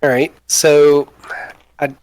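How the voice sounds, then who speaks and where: A man acting as dungeon master in a tabletop game, talking in a hesitant way with many pauses and fillers. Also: on the high side, flat delivery, a little mellow, no echo. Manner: hesitant, lots of ums and restarts. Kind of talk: running a tabletop game over voice chat.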